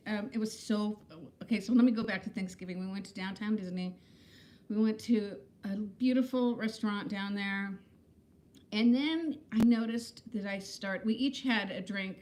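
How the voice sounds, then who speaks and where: A woman in her fifties talks to her livestream viewers from home at a middle pitch. Her manner is candid, chatty and self-deprecating, and she greets viewers by name as she goes. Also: darkish tone. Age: 50s. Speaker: livestream host. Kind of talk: casual live-stream chat.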